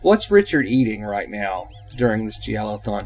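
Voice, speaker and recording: A male podcast co-host in relaxed conversation with a friend. His voice sits at an ordinary middle pitch, and he talks with eager, emphatic enthusiasm, with faint music playing underneath. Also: moderate pace. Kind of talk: casual chat.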